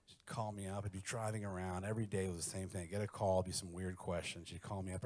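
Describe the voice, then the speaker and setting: A man's voice: low voice, flat delivery, quick pace, darkish tone. A man doing a crude, conversational stand-up set on a radio show, later chatting casually as the guest. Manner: crude, conversational storytelling with acted-out quotes. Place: radio studio.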